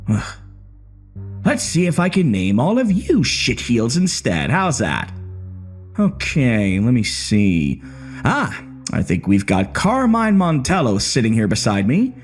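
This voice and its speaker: A man's voice: medium pitch, wildly swooping pitch, a little slow, soft background music. A man voicing a bitter, sneering male gunman who taunts his hostages in a horror story narration. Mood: mocking. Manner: mocking, swaggering taunts.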